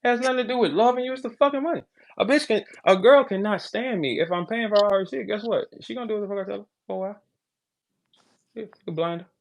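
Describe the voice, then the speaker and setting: A man hosting a podcast, ranting in a brash, profane, animated way, jumping between loud outbursts and low asides. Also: fast, creaky. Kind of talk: casual podcast rant.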